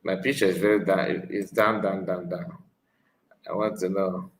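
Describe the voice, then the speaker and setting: A man giving casual, drawn-out commentary, pausing often between remarks. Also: low voice, fairly even intonation, echoey room. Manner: slow, drawn-out remarks with frequent pauses. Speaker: channel host reacting to a clip.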